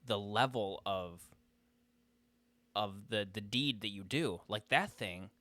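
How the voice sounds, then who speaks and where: A man's voice: on the low side, takes it slowly, bright, forceful tone, no room sound. A young man co-hosting a podcast in casual, crude, joking banter full of swearing. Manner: crude, swears a lot, jokey. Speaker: podcast co-host.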